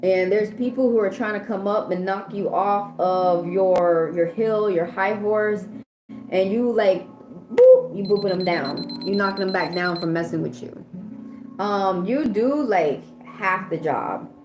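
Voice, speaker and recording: A woman's voice: mid-range voice, unhurried, a little mellow. American woman, livestream tarot host, blunt and salty, echoey room, music underneath. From United States. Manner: blunt, profane, rambling advice. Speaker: tarot reader hosting a livestream. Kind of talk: casual livestream chat.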